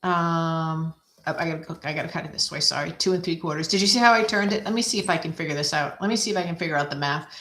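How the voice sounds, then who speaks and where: A woman's voice: sits low, quick pace, a bit bright. Chatty woman demonstrating a craft. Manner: chatty, self-deprecating, thinks aloud while working. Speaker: craft video host. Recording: echoey room.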